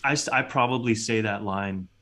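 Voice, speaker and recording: A man's voice: fairly low pitch, moderate pace, fairly bright tone. A man in casual podcast chat, talking enthusiastically about movies and swearing freely.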